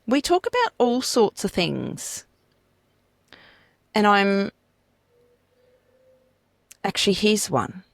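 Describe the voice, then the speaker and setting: An Australian woman with a mid-range, gravelly voice speaks slowly with long pauses, and there's no room sound. Co-hosting a casual chat podcast, she tells stories in an animated, blunt way with lots of swearing.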